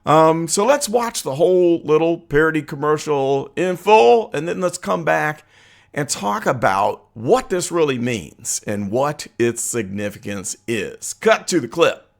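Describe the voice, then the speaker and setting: A man's voice: fairly high pitch, big pitch swings, measured pace, vocal fry. A man hosting a political commentary channel, talking casually and chattily to viewers, asking for their opinions and laughing easily.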